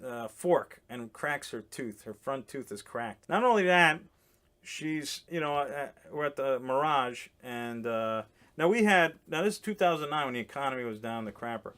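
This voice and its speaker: A man in casual chat on a podcast, telling a rambling comic story with restarts and quick laughs. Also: medium pitch, lively intonation, fairly bright tone. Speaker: comedian guest. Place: boat in a harbor.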